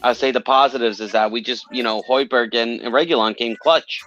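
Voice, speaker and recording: A man's voice: mid-range voice, brisk, fairly bright tone, faint music behind. A man co-hosting a casual call-in show, talking in a chatty, rambling way with lots of fillers and restarts. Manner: chatty, repeats himself, many fillers. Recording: dull lo-fi sound.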